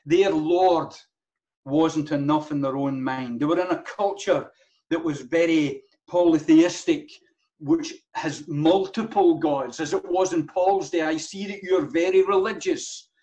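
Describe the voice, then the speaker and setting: A man's voice: fairly high pitch, measured pace, mellow. A man preaching a sermon as pastor, earnest, with many rhetorical questions and repeated phrases. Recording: dull lo-fi sound.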